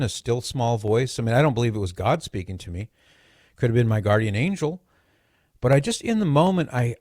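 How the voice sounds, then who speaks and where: A man hosting a radio show, telling a personal story in a lively monologue and acting out the quoted dialogue. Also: medium pitch, dry recording, studio quality. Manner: animated, acts out quoted dialogue.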